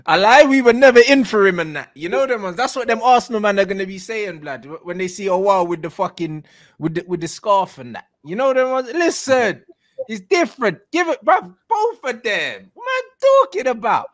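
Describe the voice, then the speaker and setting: Animated young man, high voice. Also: moderate pace. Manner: slangy, laughing, animated. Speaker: football fan co-host. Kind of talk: casual football banter.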